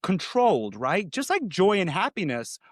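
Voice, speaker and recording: A man who is an executive coach and a podcast guest, talking in an animated, conversational coaching manner that often acts out quoted voices. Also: sits high, moderate pace, no room sound, clean studio sound.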